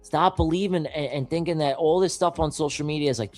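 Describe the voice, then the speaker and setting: A man's voice: on the high side, brisk, a little mellow, faint music behind. A man hosting a live trading stream, giving blunt, emphatic advice with plenty of swearing. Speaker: trading show host. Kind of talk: casual live-stream chat.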